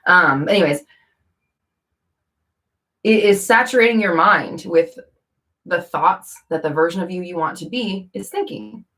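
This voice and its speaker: A woman's voice: lowish voice, a little slow, long pauses, fairly bright tone. A woman vlogger talking casually to camera, rambling with fillers and self-corrections.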